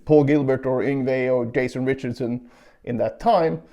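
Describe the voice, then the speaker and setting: A man giving a casual guitar lesson, explaining technique calmly and counting beats aloud, with guitar playing behind him. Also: mid-range voice, normal speed, muffled recording. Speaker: guitar teacher.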